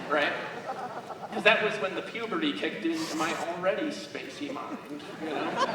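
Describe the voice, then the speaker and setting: A man's voice: a little high, background noise. Man joking on stage in an echoey hall. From Alaska. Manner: rambling and joking, talks to the crowd. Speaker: motivational speaker. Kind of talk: live stage talk telling stories. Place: large event hall. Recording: echoey hall recorded from far off.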